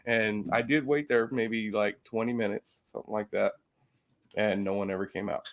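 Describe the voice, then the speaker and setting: A man casually telling a story, swearing freely, laughing between phrases, and swinging from loud to soft. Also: lowish voice, steady tone, normal speed.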